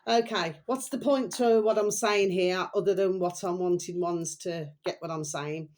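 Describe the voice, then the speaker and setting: Rambling woman with soft asides. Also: on the low side, moderate pace. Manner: affectionate, rambling, repeats pet phrases, drops to soft asides. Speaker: video recommendation vlogger. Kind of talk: rambling casual vlog chat.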